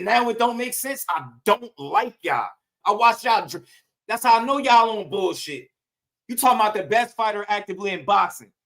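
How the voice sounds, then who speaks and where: Man, high voice, bright tone, heated profane rant, slangy boxing commentary. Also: vocal fry. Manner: ranting, profane, slangy, rhetorical questions.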